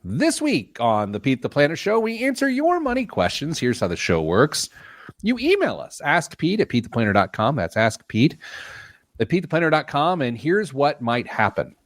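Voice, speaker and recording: Lively teasing male podcast host. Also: a little high, normal speed, dry recording, studio quality. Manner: playful, teasing, self-mocking. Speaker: show host. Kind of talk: casual podcast banter.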